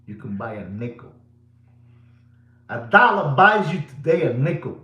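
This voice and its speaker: A middle-aged man hosting a live watch sales show. He is repetitive and showy, swings between booming and hushed delivery, and slips Spanish words into his English. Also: very animated, unhurried. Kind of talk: live sales pitch to viewers. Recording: roomy echo.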